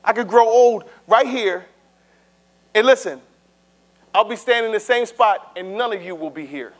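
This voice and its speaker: A middle-aged pastor preaching a sermon in a conversational way, with stammered restarts, swinging from loud, high bursts to low, hushed asides. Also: male voice, normal speed.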